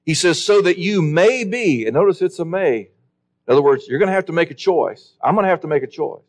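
A man preaching a sermon in an earnest, emphatic way, slowing down to stress key words. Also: a little high, lively intonation, a little mellow.

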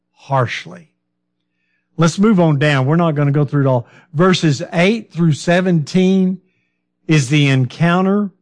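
A man with a somewhat high voice preaches at an unhurried, deliberate pace. He talks through scripture in a plain, conversational way, putting questions to his listeners and restarting his sentences as he goes. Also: darkish tone. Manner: fillers and restarts, loses his train of thought. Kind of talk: sermon.

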